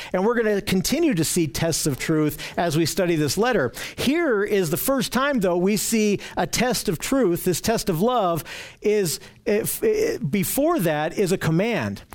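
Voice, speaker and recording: High-voiced man teaching a Bible lesson. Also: animated, moderate pace. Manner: earnest, emphatic, repeats words when restarting.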